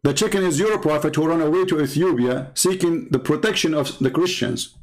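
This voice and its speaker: Fairly high-pitched and fairly quick, an Arabic-accented man from the Arab world mocks and taunts in sarcastic polemical commentary as a Christian apologist, repeating words in bursts.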